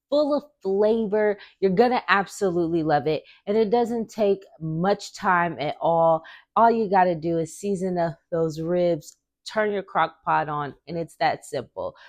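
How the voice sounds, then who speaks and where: A woman's voice: lowish voice, no echo. Chatty woman hosting a home cooking show. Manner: chatty, encouraging, talks straight to viewers.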